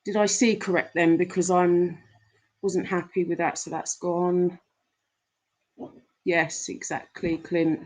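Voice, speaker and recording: Slow, chatty woman livestreaming. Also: fairly low pitch, little pitch movement, rough recording. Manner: chatty, warm-hearted, rambling with fillers. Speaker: livestream host reading chat. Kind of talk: casual live chat.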